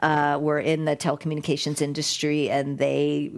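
A woman guest in an interview, telling a story in a lively, animated way with frequent restarts. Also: low voice, moderate pace, creaky. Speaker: guest, digital rights advocate. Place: recorded in San Francisco.

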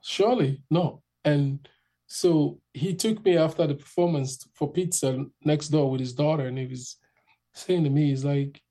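A man telling a rambling, animated story in a casual interview, acting out the people in it. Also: on the high side, moderate pace. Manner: rambling, animated, acts out the people in his stories.

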